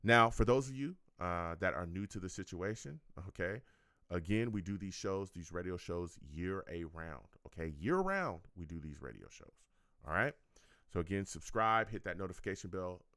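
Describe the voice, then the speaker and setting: A man's voice: low voice, expressive, moderate pace, fairly bright tone, no room sound, studio quality. A man hosting his own sports fan radio show, talking casually and with energy, often repeating himself and tagging lines with "okay?" and "all right?", and joking with his chat. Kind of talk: casual call-in show wrap-up.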